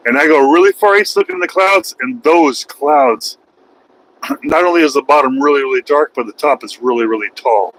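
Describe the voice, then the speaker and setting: A man's voice: a little high, moderate pace, fairly bright tone, a little hiss or hum, poor audio. A man vlogging while driving his truck, rambling in a folksy, self-mocking way. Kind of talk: casual driving vlog. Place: truck cab on highway.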